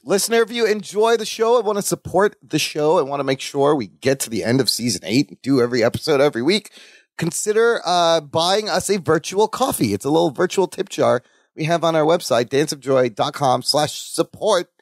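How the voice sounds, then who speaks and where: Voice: mid-range voice, brisk, no echo, clean studio sound. A podcast co-host chatting casually and joking while recapping a sitcom episode. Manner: animated, jokey, acts out quoted lines.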